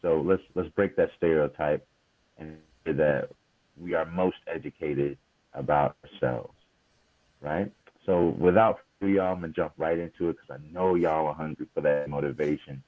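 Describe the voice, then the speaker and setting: A man with a very deep voice co-hosts a casual podcast in an upbeat way, turning to his listeners often. The sound is dry and thin, like a phone line. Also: fairly even intonation, moderate pace, no echo. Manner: upbeat, speaks straight to listeners. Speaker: podcast co-host.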